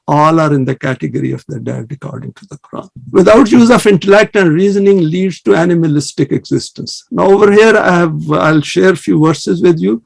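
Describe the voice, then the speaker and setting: A man giving an earnest, measured religious lecture and reciting scripture quickly in between. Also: a little high, vocal fry. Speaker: Islamic study presenter.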